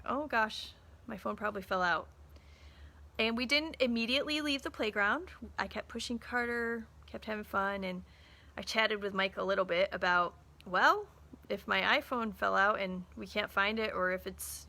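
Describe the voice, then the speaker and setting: Brisk and sharp-toned, her mid-range voice carries a chatty story she shares with viewers on a casual live broadcast. She is in her thirties, a small business owner and mother, and she plays out the dialogue as she tells it.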